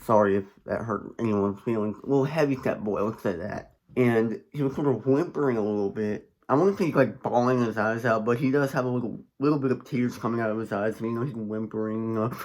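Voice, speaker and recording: A man's voice: mid-range voice, a little fast, few pauses, darkish tone. A man casually telling a story, rambling with frequent fillers and side comments. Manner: rambling, with many fillers and asides.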